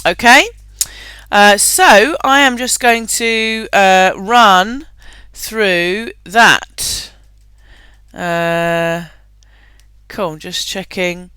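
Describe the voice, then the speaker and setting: A woman runs a live webinar in a chatty, upbeat voice, laughing often and filling gaps with ums. Her tone is bright and crisp, and the recording is dry and close. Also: medium pitch, very slow, no room sound. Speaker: webinar host. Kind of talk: live online webinar presentation.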